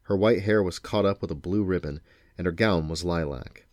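Deep-voiced dad reading a story aloud. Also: male voice, moderate pace, a little mellow, no room sound, studio quality. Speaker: parent reading to his children.

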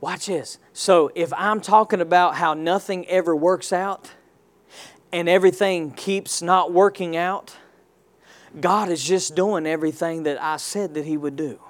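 This male pastor's voice sits high, with fairly even intonation and a measured pace. He reads scripture in his sermon and draws call-and-response from the congregation, rising to loud exclamations.

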